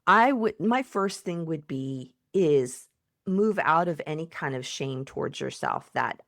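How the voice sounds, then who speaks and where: A woman psychotherapist and coach speaking as a podcast guest, giving gentle advice and acting out kind, soothing self-talk. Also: deep voice, lively intonation, measured pace, gravelly, no echo, studio quality. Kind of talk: warm conversational advice.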